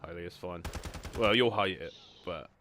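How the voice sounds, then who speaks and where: A man's voice: deep voice, normal speed, pushed and bright, slight background noise. A young man hosting a gaming video, chatting casually and self-deprecatingly with lots of ums. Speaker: gaming channel host. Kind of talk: casual gameplay chat.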